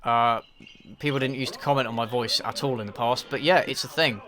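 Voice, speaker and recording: English man, bright voice, dry self-deprecating stream chat, faint music behind. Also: medium pitch, fairly even intonation, fairly quick. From England. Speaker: YouTube reviewer streaming a game. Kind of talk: casual live-stream chat answering viewers.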